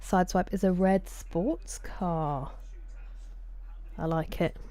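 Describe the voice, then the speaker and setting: Low-voiced woman chatting with her stream. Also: fairly even intonation, slow pace, dark tone. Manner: chatty, answering viewers' messages by name. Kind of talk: casual live-stream chat. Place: room at home.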